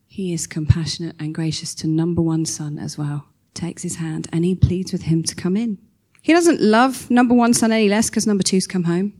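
A woman preaching a sermon, telling a story with lively acted-out quotes. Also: mid-range voice. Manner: animated storytelling, acting out quoted voices.

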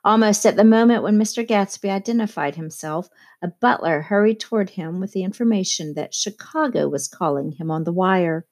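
A woman reading a novel aloud as an audiobook narrator, in steady, measured narration. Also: medium pitch. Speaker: audiobook reader.

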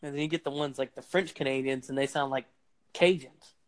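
Here a young man hosts a laid-back podcast, his medium-pitched voice steady and fairly quick. The talk is rambling, playful and full of fillers, and a phone microphone picks it up.

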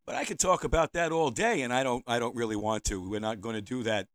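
A man's voice: medium pitch, fast, dry recording, poor audio. A man, hosting a podcast as an opinionated monologue. He rambles, repeats himself and says provocative things. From United States. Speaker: podcast host. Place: indoors, seated at home.

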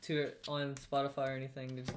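A man's voice: mid-range voice, completely flat delivery, quick pace, a little hiss or hum. A young man co-hosting a podcast, rambling through casual stories with restarts and acted-out quotes. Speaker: podcast co-host. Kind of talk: casual storytelling chat.

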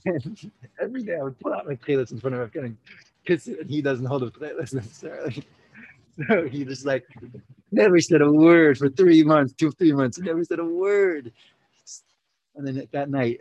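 A man's voice: medium pitch, fairly quick, slightly rough, no echo, low-quality recording. Young man telling a story. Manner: animated, full of 'you know, like' fillers, acts out quotes. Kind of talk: casual personal storytelling.

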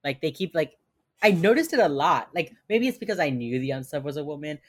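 A woman's voice: sits low, fairly quick, no echo. A woman co-hosting a casual podcast, retelling a TV episode and acting out characters' lines as she goes. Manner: animated, acts out characters' lines while retelling. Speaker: podcast co-host recapping a TV episode. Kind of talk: casual chat.

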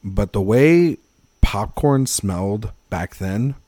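A man co-hosting a casual film podcast, talking in animated, rambling tangents and swearing freely. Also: fairly low pitch, slow, slightly rough, no room sound. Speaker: podcast co-host. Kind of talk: casual film-discussion chat.

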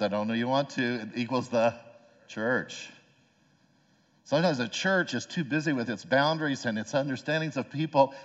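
In an echoing hall, a medium-pitched pastor delivers a sermon conversationally, posing rhetorical questions. The sound is lo-fi and dull, with long hall reverb.

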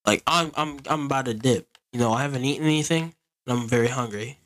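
A man's voice: mid-range voice, fast talker, fairly bright tone. A man giving casual gaming commentary, grumbling and complaining in an exasperated way. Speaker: gaming video creator.

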